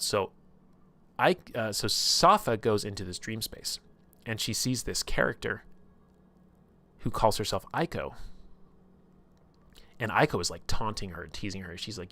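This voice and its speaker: A man's voice: on the low side, expressive, moderate pace, long pauses, bright, forceful tone. A man casually recapping his tabletop campaign on a stream, rambling and full of filler words. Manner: rambling, filler-heavy, lots of "like".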